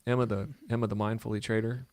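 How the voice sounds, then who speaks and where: A man co-hosting a casual trading show, talking in loose, rambling banter full of jokes. His voice has a gravelly, creaky edge. The sound is dry and close, with no room echo. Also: fairly low pitch, little pitch movement, fast talker, a little mellow. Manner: joking, rambling, jumps into silly voices.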